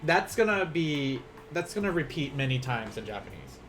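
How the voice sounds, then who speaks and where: A man's voice: mid-range voice, very animated, moderate pace, a bit bright. Guy teaching japanese numbers online, bouncy voice, laughs at himself, faint music under it. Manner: chatty, self-deprecating, laughs often; counts strokes aloud while writing. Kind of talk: casual online lesson.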